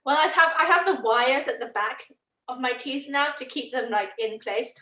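A woman's voice: high-pitched, normal speed. Echoey, distant woman on a call. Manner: lively storyteller, self-mocking. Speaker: interview guest. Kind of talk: casual chat. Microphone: video call.

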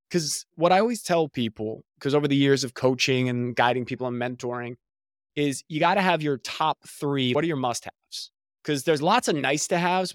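A man from New Jersey, a guest who coaches people, telling his story in an animated way and sometimes slipping into mock voices. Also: medium pitch, no echo, clean studio sound. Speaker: podcast guest, career coach. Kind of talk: conversational storytelling.

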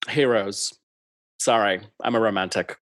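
A man's voice: fairly low pitch, measured pace, dry recording. Chatty man with an English accent. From Singapore. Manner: chatty, animated, laughs often, many fillers. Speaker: author and guest. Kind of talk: conversational interview.

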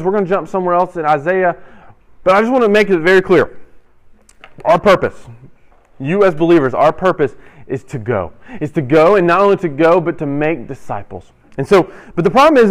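A young man in his role as a youth pastor, giving an interactive sermon and playfully quizzing his audience with quick asides. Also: sits high. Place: church hall with audience.

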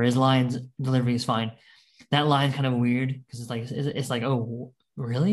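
Young guy podcast host, chatty film review, keeps quoting lines and restarting. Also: medium pitch. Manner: animated, quotes movie lines in passing, many likes and restarts. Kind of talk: casual film review chat.

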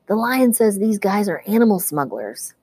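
A woman voicing a gentle, nervous young satyr boy speaking earnestly in a storybook reading. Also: mid-range voice, sing-song, moderate pace, slightly rough, no room sound, voice pushed up.

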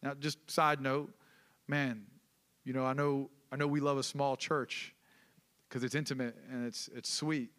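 A man's voice: mid-range voice, flat delivery, unhurried, fairly bright tone. A male pastor preaching a sermon in a conversational way, with casual asides and questions to the congregation.

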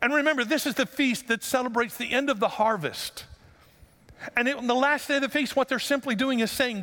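High-voiced pastor preaching in a big hall. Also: male voice, a little fast. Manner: conversational, self-deprecating, builds to loud emphatic passages. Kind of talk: sermon.

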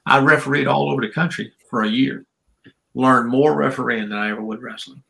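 A man's voice: mid-range voice, fairly quick, vocal fry, bright, forceful tone, poor audio. An older man, a guest in an interview, telling stories in a chatty way, laughing often and acting out what people said. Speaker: guest, former wrestler and referee. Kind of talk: casual interview storytelling.

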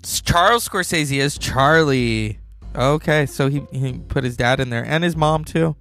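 A man's voice: mid-range voice, measured pace, a bit bright, soft background music. A male podcast host giving casual film commentary in a rambling, chatty way.

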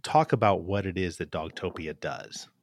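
A man with a low voice hosting a business interview. He asks questions, often restarting his sentences, in a dry, close recording. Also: normal speed, dry recording. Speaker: podcast host.

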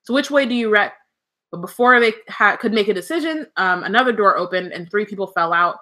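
A woman's voice: medium pitch, animated, a little fast, pushed and bright. A woman co-hosting a book podcast, reading passages aloud between casual, joking chat peppered with swearing and laughter. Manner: laughs often, swears, many "um" fillers. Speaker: podcast co-host reading the chapter.

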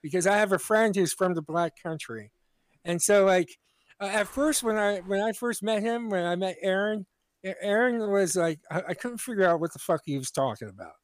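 American guy, pretty high voice, dry close sound, keeps restarting his sentences, swears and laughs. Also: expressive, moderate pace, no room sound. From United States. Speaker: podcast co-host. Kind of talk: casual chat.

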